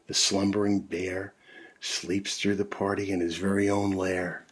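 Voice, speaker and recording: A man reading a children's picture book aloud in a gentle, drawn-out, expressive way, then chatting to the kids. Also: on the low side, breathy edge. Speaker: storyteller for children.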